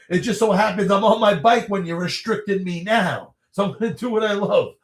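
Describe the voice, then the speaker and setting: A man's voice: high voice, moderate pace, echoey room. Chatty rambling man on a livestream. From New York area. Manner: rambling, chatty, laughs often. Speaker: livestream host. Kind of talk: casual livestream chat answering viewer questions.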